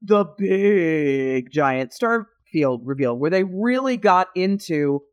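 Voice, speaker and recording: A woman co-hosting a casual podcast chat, enthusiastic and rambling, quick to agree. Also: on the low side, expressive, dull audio. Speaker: podcast co-host.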